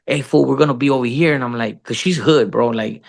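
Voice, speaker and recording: A man in his thirties, a podcast guest, telling stories in casual slangy talk full of cursing, calling people "bro" and "fool", and jumping up in pitch to act out the voices of people he quotes. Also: fairly quick, creaky. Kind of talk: casual storytelling interview.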